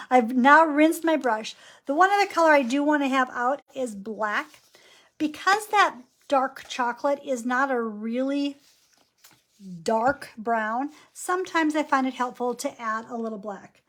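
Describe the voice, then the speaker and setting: A woman with a slightly higher voice leads a painting lesson. She keeps up a running, chatty commentary on every brushstroke and color as she paints. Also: lively intonation, unhurried. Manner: chatty, narrates each brushstroke aloud. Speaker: painting instructor.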